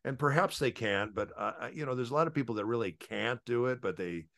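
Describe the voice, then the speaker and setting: A man, a voice actor, rambles through anecdotes in casual interview chat, with many filler pauses. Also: mid-range voice, fairly bright tone. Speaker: voice actor guest.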